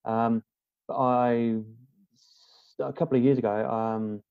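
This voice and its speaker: A man's voice: mid-range voice, steady tone, smooth, no room sound. A man chatting as a podcast guest. He rambles and keeps restarting his sentences, and his voice sits mid-range. The sound is a little dull and muffled, with a dry, close feel. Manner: rambling, halting, many restarts and fillers. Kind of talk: casual conversation.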